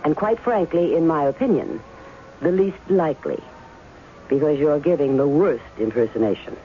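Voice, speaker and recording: A woman's voice: deep voice, animated, moderate pace, slight background noise. An actress playing a cool, skeptical estranged wife who is testing a man, in 1970s radio drama style. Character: wary, sharp-tongued estranged wife testing an impostor. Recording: tinny old radio broadcast with music.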